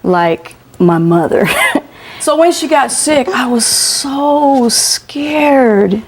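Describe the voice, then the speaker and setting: A woman guest in an interview, telling a personal story in an animated way, acting out the voices of the people she quotes and laughing often. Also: high voice, drawn-out words.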